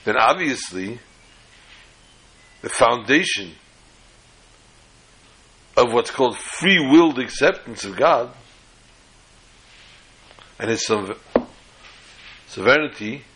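A man's voice: mid-range voice, animated, takes it slowly, pauses often, a bit bright, poor audio. A man giving a Torah class lecture, explaining step by step and often restarting or rephrasing words mid-sentence. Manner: tells jokes as illustrations. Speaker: Torah teacher.

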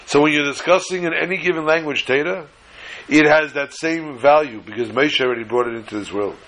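Earnest bright-voiced man teaching Torah. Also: on the high side, a little fast, low-quality recording. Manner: earnest, emphatic teaching with Hebrew and Yiddish terms. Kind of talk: Torah lecture with storytelling.

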